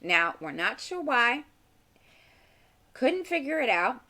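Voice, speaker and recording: A woman's voice: fairly high pitch, big pitch swings, slow, pauses often, bright, forceful tone. A middle-aged woman chatting casually at home while crafting, rambling and talking to herself as she works. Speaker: channel host. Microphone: desk mic.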